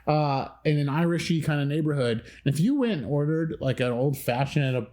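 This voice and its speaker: A man in his thirties from the Midwest, co-hosting a podcast and chatting casually, telling lively stories and acting out other people's voices. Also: a little fast. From American Midwest. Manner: animated storyteller, acts out other people's voices with big pitch jumps. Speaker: podcast co-host. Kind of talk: casual chat.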